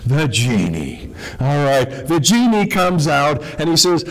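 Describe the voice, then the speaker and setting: A man, a veterinarian, giving an animated, folksy talk to an audience. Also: fairly high pitch, normal speed. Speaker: speaker, veterinarian. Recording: long hall reverb.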